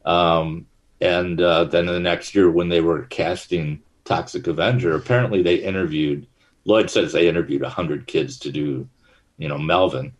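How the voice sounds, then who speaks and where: A man's voice: sits low, fairly even intonation, normal speed. A middle-aged man, a guest in an interview, telling stories in a rambling way with many fillers and restarts. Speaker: actor and guest. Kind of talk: casual interview chat.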